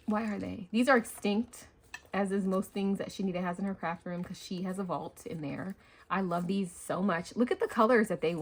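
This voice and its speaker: A woman hosting a craft vlog, unboxing happy mail with excited gasps and gushing chatter. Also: mid-range voice, breathy edge. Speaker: craft channel host.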